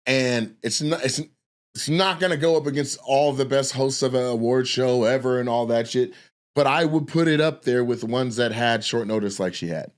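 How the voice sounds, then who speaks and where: At a moderate pace and medium pitch, a man who hosts a podcast and does comedy tells a long story casually. It's profane and animated, rambling along with plenty of restarts.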